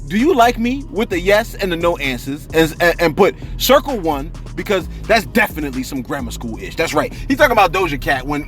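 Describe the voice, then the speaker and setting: A man hosts a celebrity gossip show in a loose, joking style full of slangy asides. His voice sits a little high and jumps around a lot. Faint music plays behind him. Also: a bit bright. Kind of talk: casual celebrity commentary.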